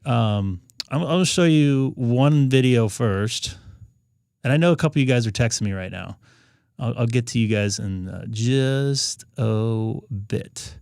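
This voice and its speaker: A man hosting a casual live stream, his voice sitting at an ordinary middle pitch. He rambles along with plenty of fillers and restarts. The sound is dry, with no room echo. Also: unhurried, gravelly, a little mellow, clear, resonant tone. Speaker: ham radio live-stream host.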